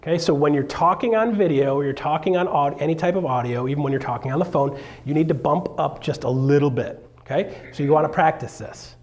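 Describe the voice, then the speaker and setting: Energetic male realtor and seminar speaker, slightly high voice, playful with loud bursts. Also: fast talker. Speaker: realtor giving a seminar talk. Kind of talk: live motivational seminar talk. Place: stage in front of a live audience.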